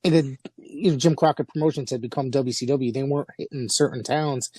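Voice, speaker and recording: Brief: male host, mellow warm tone, dry close sound, easy chat. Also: medium pitch, breathy edge, no echo. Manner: quick agreeing interjections. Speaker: interview host. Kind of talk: casual interview chat.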